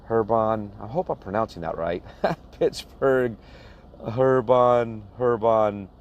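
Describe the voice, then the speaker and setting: The recording has its highs cut off as a man with a low-leaning voice, a box truck owner-operator who vlogs, casually reads a list of places to viewers. He speaks slowly and plainly, chuckling at names he can't get right.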